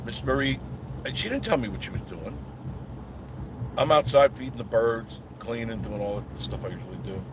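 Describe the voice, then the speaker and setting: A man's voice: mid-range voice, lively intonation, normal speed. A man hosting a live stream from his car, chatting with viewers in a rambling, folksy way. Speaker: channel host. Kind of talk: live-streamed driving chat. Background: car and road noise.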